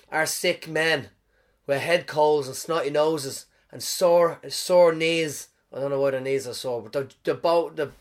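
A man in his thirties, a comedian with a head cold, telling a rambling comic monologue with lots of swearing and lost threads. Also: on the high side.

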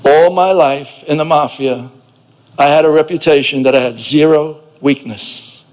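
Brief: man, somewhat higher pitch, blunt, streetwise storyteller giving a first-person testimony. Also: unhurried. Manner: plainspoken and blunt, with a streetwise edge.

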